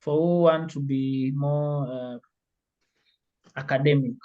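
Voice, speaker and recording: A language teacher speaking slowly and patiently on a video call, laughing often. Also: medium pitch, fairly even intonation, lo-fi sound. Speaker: Swahili teacher. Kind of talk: online language class.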